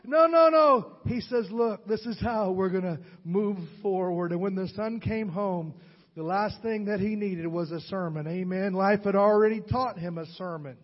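A man preaching a sermon, swinging between loud, rising calls and soft, low storytelling. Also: fairly even intonation, moderate pace. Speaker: pastor. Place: large church hall. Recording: muffled sound with long hall reverb.

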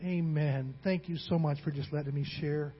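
This pastor's voice is on the high side with a breathy edge, keeping a steady tone at normal speed. He preaches a sermon in a church hall, calling out to the congregation and repeating words as feeling takes over, captured in a dull, reverberant recording.

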